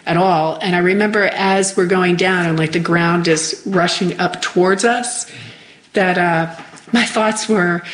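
A middle-aged woman with a somewhat low voice tells a personal story in an interview. She speaks in a halting, reflective way and often trails off before she finishes a thought. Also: low-quality recording. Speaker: interview guest.

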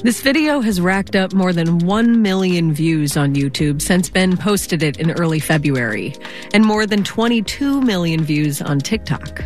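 A woman reporter reading scripted news narration in a measured, clear way. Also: fairly low pitch, animated, a little mellow, faint music behind. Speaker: radio reporter.

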